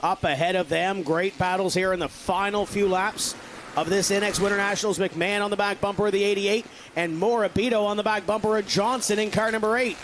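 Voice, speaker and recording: A man giving live race commentary, building excitement on the calls. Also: high-pitched, a little fast, noisy background.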